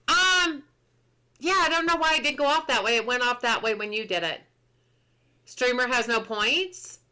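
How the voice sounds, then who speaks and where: A woman's voice: high-pitched, bright, forceful tone. A woman game streamer chatting casually on a live stream, reading patch notes aloud, answering chat and laughing often.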